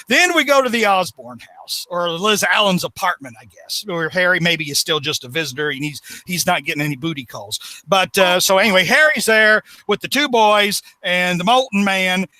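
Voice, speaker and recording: A man's voice: high voice, pushed and bright, no room sound. A middle-aged man co-hosting a podcast, rambling through comic recaps with laughs and acted-out quotes. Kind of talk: casual chat.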